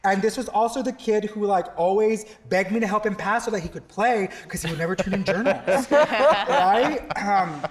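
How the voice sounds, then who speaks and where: Animated man telling a story. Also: high voice, moderate pace. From South Texas. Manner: animated, many fillers and restarts. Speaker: theatre teacher and director. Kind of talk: storytelling in a podcast interview.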